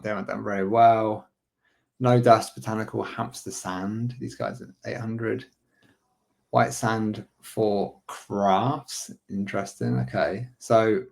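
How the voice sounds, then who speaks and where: A man coaching online sellers in a casual screen-share walkthrough, thinking aloud and tossing in quick "right?" asides. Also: lowish voice, gravelly.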